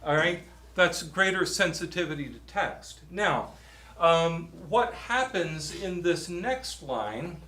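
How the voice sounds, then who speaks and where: A man with a slightly high voice coaches a group in psalm chanting, speaking slowly and breaking off into fillers and restarts. The church room around him is echoey. Faint piano sits behind him. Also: lively intonation, bright, forceful tone. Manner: chatty, halting, many fillers and restarts. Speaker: workshop presenter on psalm chanting. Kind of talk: teaching a choral workshop.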